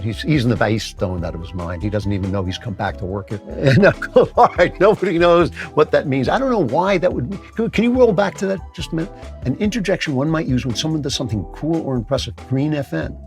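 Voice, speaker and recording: A man's voice: medium pitch, expressive, a little fast, faint music behind. A man in his late seventies hosting a comedic talk segment, dry and sarcastic, muttering asides as he guesses. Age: 70s. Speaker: show host.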